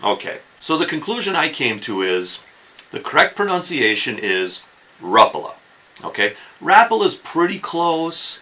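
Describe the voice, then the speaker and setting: A man's voice: mid-range voice, sing-song, normal speed, sharp tone, rough recording. A man hosting a fishing channel, explaining tips in a casual instructional talk and often checking in with the viewer. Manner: chatty, keeps checking in with "okay?" and "right?".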